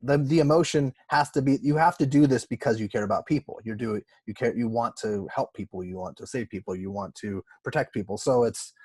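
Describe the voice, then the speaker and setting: A man's voice: medium pitch, brisk, hardly any pauses, slightly rough, dry recording. A man from Southern California hosting an interview, asking rambling questions with many restarts. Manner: warm, rambling questions with frequent restarts and laughs. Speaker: podcast host. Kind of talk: casual interview chat.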